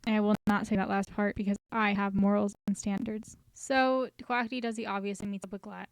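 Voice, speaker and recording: A woman's voice: medium pitch, level tone, a little fast, clear, resonant tone, no room sound, low-quality recording. A woman casually recapping a story, chatty and full of joking asides. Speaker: recap host.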